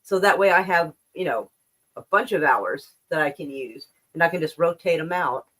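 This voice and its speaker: A woman's voice: low-pitched, lively intonation, normal speed, fairly bright tone. A slightly out-of-breath woman hosting a casual livestream, rambling and swearing as she reads and comments on the news. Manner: rambling and profane, with many restarts.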